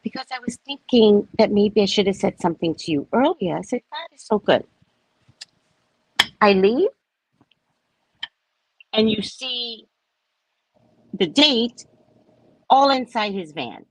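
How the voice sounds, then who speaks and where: A woman's voice: mid-range voice, measured pace, long pauses, slightly rough, no echo, poor audio. A woman host telling a story in a casual way, acting out the quotes and tagging her sentences with "right?". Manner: animated, acts out quotes, keeps saying "right?"; swears casually.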